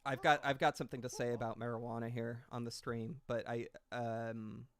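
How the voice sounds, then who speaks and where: A man's voice: mid-range voice, flat delivery, normal speed. A man in his late twenties talks casually into a desk mic while he plays a game. He rambles and swears freely, answers chat and pokes fun at himself. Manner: rambling, self-deprecating, swears freely, reads chat aloud. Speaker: streamer. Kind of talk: casual gaming stream chat.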